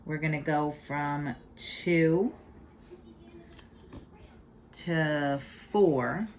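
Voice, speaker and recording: Low-voiced woman teaching math, slow and playful. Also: a little hiss or hum. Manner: chatty and playful, with hype catchphrases. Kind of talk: casual video math lesson. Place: home.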